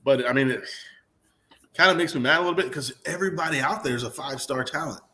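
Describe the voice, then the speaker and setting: A man's voice: mid-range voice, quick pace. Thirties guy on sports radio, jokey storyteller, casual chat. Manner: joking, animated storyteller. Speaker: guest, Clemson fan.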